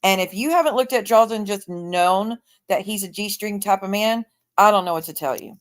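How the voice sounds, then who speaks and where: A woman's voice: medium pitch, moderate pace. A woman chatting casually on her livestream, blunt, profane and openly sarcastic.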